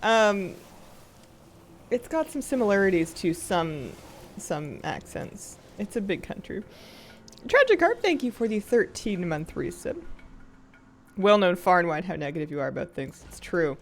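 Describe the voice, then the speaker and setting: A woman's voice: medium pitch, big pitch swings, measured pace, slight background noise. A woman streaming a game live, chatting casually with her viewers in a self-mocking, grumpy, joking way and laughing often. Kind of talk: casual live-stream chat while gaming.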